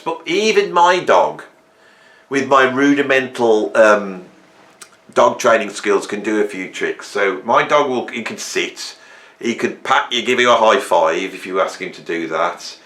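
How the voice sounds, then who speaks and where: A man in his fifties hosting a casual monologue, rambling and humorous as he tells animated stories. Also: fairly low pitch. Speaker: host. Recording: roomy echo.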